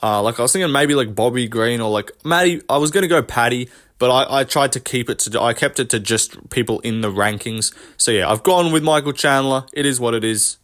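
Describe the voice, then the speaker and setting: Swearing a lot and sounding contemptuous of his subjects, this MMA commentary vlogger jumps from point to point in a casual rant. His mid-range, slightly bright voice moves a little fast with few pauses.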